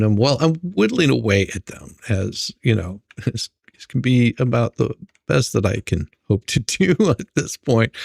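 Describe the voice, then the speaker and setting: A man's voice: lowish voice, creaky, a little mellow, husky, no room sound, clean studio sound. A man hosting a casual livestream, chatting and greeting viewers by name, laughing often. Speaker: livestream host. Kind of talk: casual live-stream chat.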